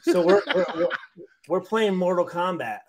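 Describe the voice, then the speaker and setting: A man talking as a guest in a casual late-night chat, telling a story loudly with laughter and constant swearing. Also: high-pitched, lively intonation, moderate pace. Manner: loud, profane, laughing storyteller. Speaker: guest, former football player.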